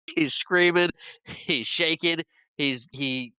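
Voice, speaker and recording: A man co-hosting a podcast, chatting about a movie in a giggly, halting way with many restarts. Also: on the high side, sharp tone, clean tone, no echo. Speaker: podcast co-host. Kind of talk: casual movie recap chat.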